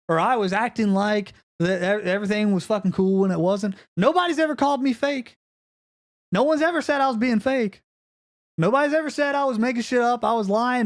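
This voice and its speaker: A man on a live stream rants at full tilt, cursing freely, repeating himself, and tripping over his own words. His heated, profane monologue swings widely in pitch, leaping from shouted peaks down to low, muttered grumbling.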